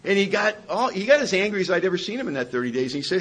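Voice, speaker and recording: Husky, animated man telling a wry story. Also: high-pitched, racing, hardly any pauses, low-quality recording. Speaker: recovery speaker. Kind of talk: storytelling talk to an audience.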